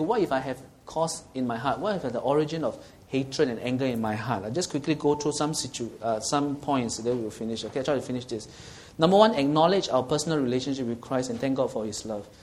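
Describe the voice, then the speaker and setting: A man preaching a sermon, earnestly teaching and asking his listeners questions. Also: medium pitch. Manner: earnest and teaching, asks the audience questions, often checks with "okay?".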